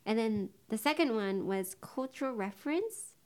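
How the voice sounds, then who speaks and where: Young woman, slightly high pitch, giggly casual co-host. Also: moderate pace. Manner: giggly, animated, frequent laughs and fillers. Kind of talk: casual bilingual chat.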